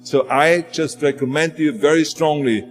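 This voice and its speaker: Man, German accent, motivational speech, emphatic, fairly high pitch, faint music behind. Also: normal speed. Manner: emphatic, repeating key phrases. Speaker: motivational speaker. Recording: long hall reverb with music underneath.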